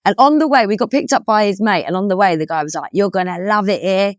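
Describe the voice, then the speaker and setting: A woman's voice: mid-range voice, fast, dry recording, clean studio sound. A young woman co-hosting a podcast with a British English accent, chatting and reminiscing, exclaiming and swearing as she recalls. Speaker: podcast co-host. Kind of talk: casual chat, reminiscing.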